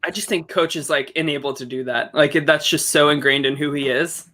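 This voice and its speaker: A man's voice: a little high, fairly even intonation, brisk, pushed and bright. A man co-hosting a podcast, recapping in a casual, hesitant way full of fillers. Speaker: podcast co-host.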